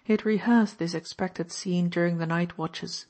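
A woman narrating an audiobook in a steady, even reading voice. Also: on the low side, moderate pace. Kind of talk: scripted narration.

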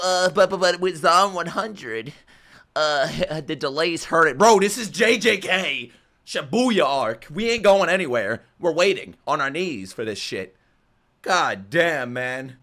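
A young man reacting to an anime, shouting, swearing and laughing in excited commentary. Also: fairly high pitch. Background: anime soundtrack playing.

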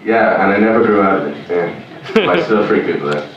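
An Irish man doing stand-up comedy in a rambling, deadpan way, on a comedy club stage. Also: fairly low pitch, normal speed, lo-fi sound, a little hiss or hum. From Ireland. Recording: echoey club room, mic far off.

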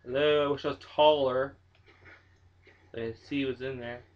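Speaking at normal speed in a steady, mid-range voice, this young man provides let's play commentary on a horror game for his channel. He jumps at things, swears plenty and laughs nervously; the dull lo-fi home mic picks up slight background noise.

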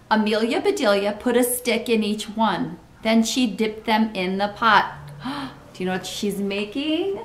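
A woman reading a children's book aloud, pausing to comment and ask listeners questions in an expressive way. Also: mid-range voice. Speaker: storybook reader. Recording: roomy echo.

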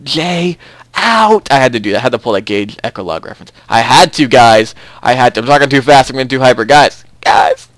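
A man's voice: mid-range voice, fairly even intonation, fast, hardly any pauses, no echo. A young man hosting a casual game commentary, chatty and rambling, often repeating himself. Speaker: let's play host.

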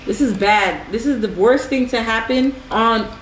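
A woman's voice: on the high side, a little slow, roomy sound, a little hiss or hum. A woman hosting a gaming video, giving playful, teasing commentary as she plays alongside someone. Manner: playful, animated, teasing coach. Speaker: gaming channel host. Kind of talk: casual gameplay commentary.

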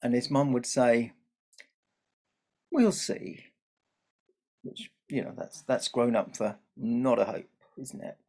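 A man's voice: medium pitch, fairly even intonation, moderate pace, hardly any pauses, darkish tone. A man telling a story to a family audience, chatty, with asides to the listeners.

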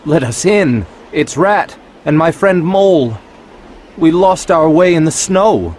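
A storybook narrator voicing a friendly, eager male water rat with a bright, pleading tone. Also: medium pitch, expressive, slow, a little hiss or hum.

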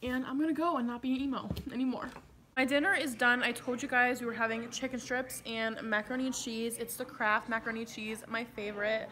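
A woman's voice: fairly high pitch, steady tone, a little fast, pushed and bright, slight background noise. A young woman talking casually to camera in a vlog, chatty and gushing, swearing now and then. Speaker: vlogger.

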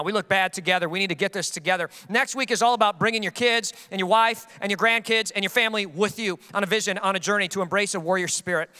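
Guy pastor preaching quick and chatty, high bright voice, long hall echo. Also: smooth. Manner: casual, joking, self-deprecating. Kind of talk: sermon.

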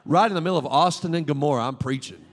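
A man preaching a sermon as pastor, fervent, with call-and-response prompts to the congregation and swings between loud exclamations and quiet asides. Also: on the high side, fast, long reverb tail. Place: church sanctuary.

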